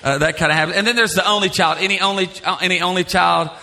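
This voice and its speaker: A man's voice: high voice, fast, creaky. A middle-aged man preaching a sermon in a church, telling stories in a conversational way and asking the congregation questions. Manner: storytelling, animated and conversational, asks the congregation questions. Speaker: pastor.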